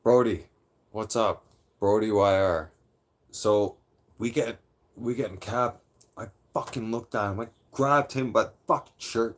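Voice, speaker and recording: A man's voice: on the low side, measured pace. Late-thirties male livestream host, casual and profane, rambles through a story with lots of restarts. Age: 30s; late 30s. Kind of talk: casual storytelling to a live chat.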